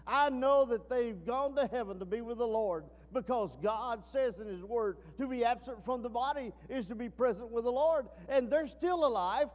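A man preaching a sermon, swinging from emphatic peaks down to low, quiet asides. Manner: rising to emphatic peaks then dropping low. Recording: long reverb.

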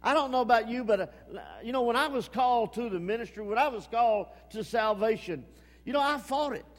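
A man preaching a sermon with emphasis, repeating his phrases and swinging between loud and hushed. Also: very high-pitched, a little fast, big-room sound.

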